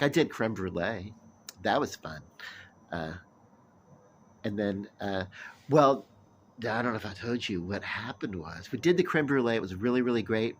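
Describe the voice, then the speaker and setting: A man's voice: fairly low pitch, a bit bright, a little hiss or hum. A man vlogging in a casual, rambling chat, full of fillers and restarts.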